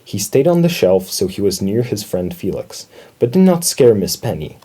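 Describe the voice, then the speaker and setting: A man reads a children's storybook aloud with an expressive, lively delivery. His voice is mellow and warm in tone, with a slightly husky edge. He moves his pitch around a lot to tell the story. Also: normal speed. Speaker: storybook reader. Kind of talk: reading a children's book aloud.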